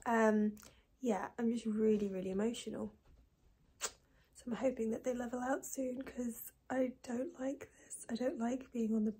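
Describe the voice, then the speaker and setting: A woman in her twenties talking casually in a video diary, soft and breathy, often near a whisper, low and tearful. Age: 20s. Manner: soft, breathy and often close to a whisper, with many pauses and fillers. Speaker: vlogger.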